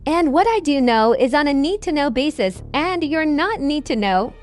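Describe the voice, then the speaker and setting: A woman voicing a stoic male soldier team leader who gives steady, clipped orders. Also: sits high, normal speed, faint music behind.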